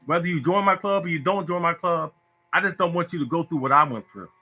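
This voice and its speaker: Preachy man with a bright voice. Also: a little high, quick pace. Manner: preachy, repetitive, emotional. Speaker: lottery tips host. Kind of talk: casual Facebook live talk. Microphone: phone.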